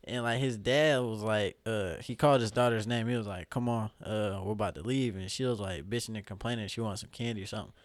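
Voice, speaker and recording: A man's voice: on the low side, fast, hardly any pauses, dry recording. A man chatting casually on a podcast, telling loose, profane stories and laughing often. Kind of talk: casual chat.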